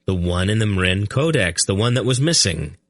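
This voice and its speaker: A man's voice: fairly low pitch, expressive, moderate pace, a bit bright, no room sound, studio quality. A man voicing an earnest young man who urgently pleads with his grandfather in an audiobook. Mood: pleading. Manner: urgent, raises voice when calling.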